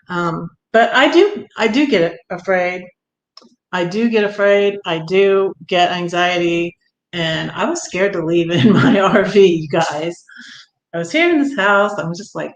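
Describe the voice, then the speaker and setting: A woman's voice: mid-range voice, unhurried, reverberant, poor audio. An older woman, chatting casually on a livestream, greeting viewers and laughing often. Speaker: livestream vlogger.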